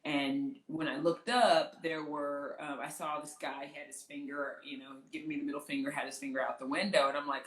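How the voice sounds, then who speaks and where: Woman journalist telling a story in an interview, animated, acts out the lines, kinda echoey room. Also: deep voice, brisk. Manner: animated, vividly re-enacts the voices of others. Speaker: interview guest, entertainment journalist. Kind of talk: conversational personal storytelling.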